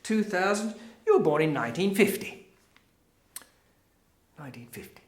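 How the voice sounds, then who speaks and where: An actor with an Australian accent playing a showy, evasive middle-aged crusade leader in a theatre monologue, chatting straight to the audience. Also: male voice, sits high, very animated, normal speed. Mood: showy, chatty. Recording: roomy, echoey.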